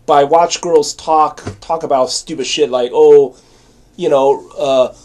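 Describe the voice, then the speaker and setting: Guy in his 40s rambling to camera, blunt, repeats himself, voice on the high side. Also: fairly even intonation, a little slow, a little mellow. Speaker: channel host. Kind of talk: casual monologue to camera.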